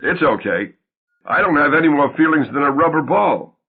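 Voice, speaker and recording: A man voicing a shy, odd grown man who talks in a dry, self-mocking deadpan, in a tinny, phone-like recording. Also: fairly high pitch, normal speed, husky.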